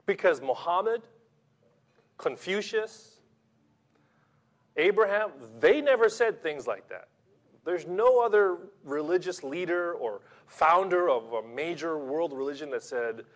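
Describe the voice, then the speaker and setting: A man preaching a sermon, emphatic and rhetorical, swinging between loud stresses and quiet asides. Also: fairly high pitch.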